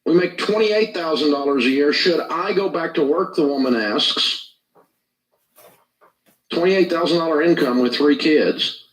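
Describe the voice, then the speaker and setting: A man hosting a call-in money advice show speaks in a measured, pointed way and leans on the figures. His voice sits a bit high. The clip sounds distant and roomy. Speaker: financial advice radio host. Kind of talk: radio call-in advice commentary.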